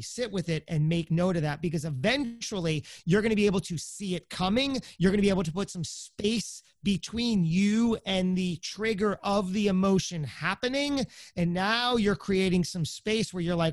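Brief: forties man, high voice, coaching guest, dry close sound, walks through steps. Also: normal speed, no room sound. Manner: explains step by step, acts out inner thoughts. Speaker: podcast guest. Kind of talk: conversational coaching explanation.

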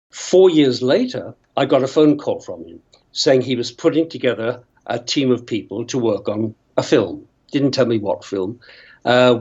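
A man's voice: mid-range voice, a little mellow, husky, dull audio. An older man from Northern Ireland, an actor telling long, rambling stories with many tangents and chuckles. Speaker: actor guest. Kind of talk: storytelling interview.

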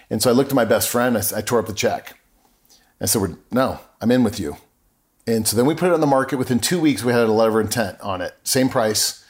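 A middle-aged man talking as a podcast guest, telling a personal story earnestly and acting out remembered conversations. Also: medium pitch. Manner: earnest, acts out remembered dialogue.

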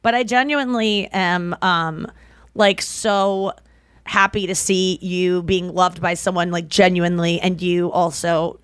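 A woman's voice: lowish voice, steady tone, unhurried, smooth, no room sound, studio quality. A young woman co-hosting a podcast, telling stories in a chatty, gushing way full of "like" fillers. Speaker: podcast co-host. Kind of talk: casual podcast chat.

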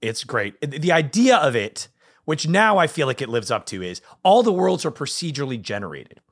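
A man co-hosting a casual gaming chat show, excitable and rambling, his voice leaping up when he gets animated. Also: on the high side, a little fast. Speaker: podcast co-host.

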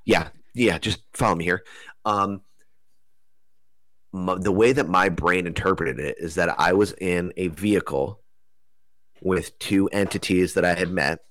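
Man, very deep voice, from New Jersey, casual rambling storytelling, swears freely, dry close sound. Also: no room sound. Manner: rambling, animated, loose with slang and swearing.

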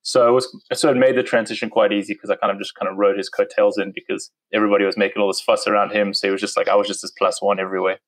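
Fast-talking South African man, low voice. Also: flat delivery, low-quality recording. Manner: chatty, laughs easily, lots of "like". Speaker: interview guest. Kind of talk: casual conversation.

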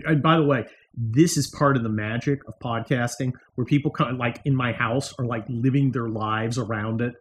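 A middle-aged man talks through his podcast from a room at home, wry and sarcastic, slipping into mocking asides. His voice sits at an ordinary pitch, and a faint hiss of room noise runs underneath. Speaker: podcast host. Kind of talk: casual political monologue.

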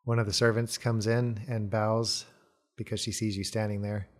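A man narrating calmly as game master of a tabletop role-playing game. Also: lowish voice, moderate pace. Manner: calm descriptive narration.

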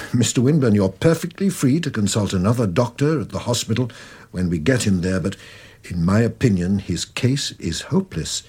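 A man playing a calm, formal doctor in a vintage radio drama, measured, courteous and sombre. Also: fairly low pitch, husky. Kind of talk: 1940s radio acting.

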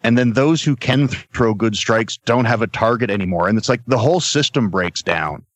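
A middle-aged man, a guest on a podcast, telling stories from his career in a casual, animated way. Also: medium pitch, a little fast, no room sound, poor audio. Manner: animated storyteller, acts out quotes. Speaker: podcast guest, former wrestler. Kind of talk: casual storytelling. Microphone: podcast mic.

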